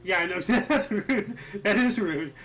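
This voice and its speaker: High-voiced joking man co-hosting. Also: a little slow, fairly bright tone, rough recording. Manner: joking, laughs often, reads out dates. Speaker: podcast co-host. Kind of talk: casual history chat.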